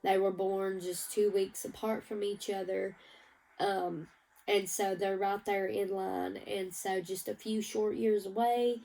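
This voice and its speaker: Gravelly woman, emotional update. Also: medium pitch, little pitch movement, unhurried, mellow, distant mic, low-quality recording. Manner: emotional, rambling, teary at times. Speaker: vlogger. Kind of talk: casual personal update.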